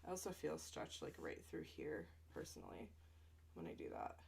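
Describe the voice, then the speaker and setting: A young adult woman, a voice teacher, talking through a stretch routine in a relaxed, chatty way with fillers and asides. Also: very deep voice, normal speed, creaky, a little hiss or hum. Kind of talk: instructional stretch demonstration.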